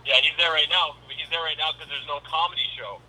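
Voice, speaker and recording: A man's voice: on the high side, steady tone, fast, over a noisy crowd. A man calling in by phone from his car, chatting in a dry, teasing way. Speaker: caller. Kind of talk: casual phone call. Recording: tinny phone line.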